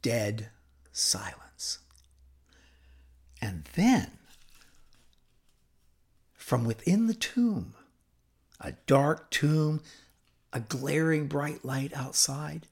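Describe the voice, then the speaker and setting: A man preaching a sermon, retelling a scripture story with dramatic, deliberate delivery and hushed drops for effect. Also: fairly high pitch, expressive, vocal fry, slightly rough.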